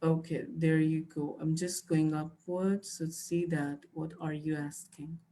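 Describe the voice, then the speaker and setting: This IELTS trainer has a deep, mellow voice with little pitch movement and an unhurried delivery. In her live online class she responds to chat, shares exam tips in an instructive manner and calls students "dear."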